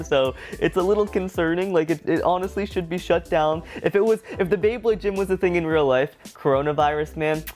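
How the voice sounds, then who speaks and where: A man with a somewhat high voice talks through a cartoon episode in a loose, excited review. He keeps saying "like" and breaks into small laughs. Soft music plays underneath. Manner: chatty and enthusiastic, heavy use of "like"; laughs often while talking. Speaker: anime reviewer.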